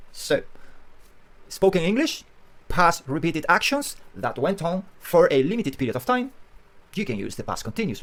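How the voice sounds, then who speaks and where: Animated male English teacher. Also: a little high. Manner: animated, emphatic, repeats key phrases. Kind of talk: grammar lesson to camera.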